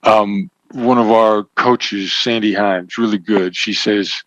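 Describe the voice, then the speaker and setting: A man as an interview guest, explaining negotiation points in a measured, emphatic teaching tone. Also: on the low side, steady tone, no echo. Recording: dull, slightly lo-fi sound.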